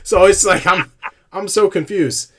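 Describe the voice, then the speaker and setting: A man's voice: high-pitched, a little slow, a little hiss or hum. A man co-hosting a casual sports talk show, ranting animatedly with frequent restarts and laughs. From California. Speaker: podcast co-host.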